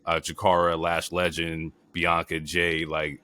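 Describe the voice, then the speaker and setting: Low-voiced guy cohosting a wrestling podcast, cussing a lot, dry close sound. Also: measured pace, clean tone, dry recording. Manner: profane, animated opinions with frequent fillers. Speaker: podcast co-host. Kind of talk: casual wrestling recap chat.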